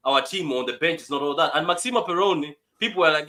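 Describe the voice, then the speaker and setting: A man hosting a casual football chat, excitable and teasing, quick to laugh. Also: on the high side.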